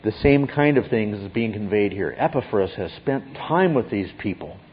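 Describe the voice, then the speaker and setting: Male Bible teacher, husky voice, emphatic teaching delivery, muffled lo-fi recording. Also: on the low side, lively intonation, normal speed. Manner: emphatic, often checks in with "okay?".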